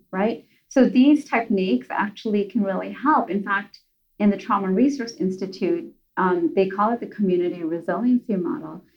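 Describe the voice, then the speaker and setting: Woman explaining with enthusiasm, dull audio. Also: medium pitch. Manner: enthusiastic, explanatory, addresses host by name. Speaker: guest expert. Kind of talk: casual advice chat.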